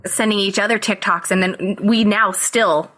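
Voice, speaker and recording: A woman chatting casually on a podcast, making quick, frank remarks. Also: mid-range voice, steady tone, a bit bright. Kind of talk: casual chat.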